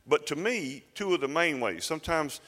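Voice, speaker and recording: A man's voice: a little high, expressive, moderate pace, a bit bright. A man preaching a sermon as pastor, talking conversationally and building to emphatic declarations. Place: church sanctuary. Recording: reverberant church sanctuary.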